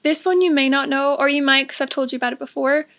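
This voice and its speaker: Woman high gravelly Scottish co-host. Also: fairly even intonation, fast, a bit bright. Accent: Scottish, Dundee. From England, raised in Dundee, Scotland. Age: young adult. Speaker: podcast co-host. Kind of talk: casual chat.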